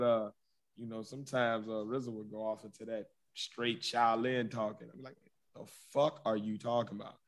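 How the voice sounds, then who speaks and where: Gravelly, blunt man talking casually. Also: fairly low pitch. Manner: blunt, profane, laid-back slang. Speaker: podcast co-host. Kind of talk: casual debate chat.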